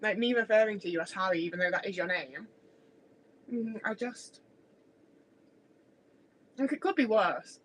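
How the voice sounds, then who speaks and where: A young woman talking on a relaxed home livestream, her words wandering from one thought to the next. She swears freely and pokes fun at herself, and her voice sits at an ordinary middle pitch. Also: moderate pace, long pauses, a little hiss or hum, poor audio. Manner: rambling, sweary, self-deprecating. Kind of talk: casual livestream chat. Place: home kitchen.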